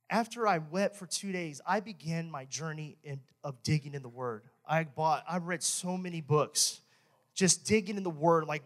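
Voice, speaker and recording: A young man giving a testimony sermon in a church. He talks with animated energy, jokes and laughs often. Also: fairly high pitch, normal speed. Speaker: church minister.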